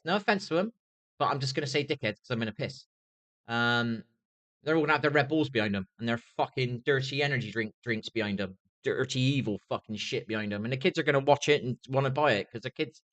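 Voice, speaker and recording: A man's voice: medium pitch, pushed and bright. A young man livestreaming an angry, swear-filled rant, often asking "do you know what I mean". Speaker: streamer.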